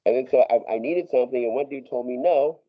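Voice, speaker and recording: A man's voice: medium pitch, quick pace, dull audio. A man telling a long story as a podcast guest, profane and rambling, with many restarts and laughs. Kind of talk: casual storytelling.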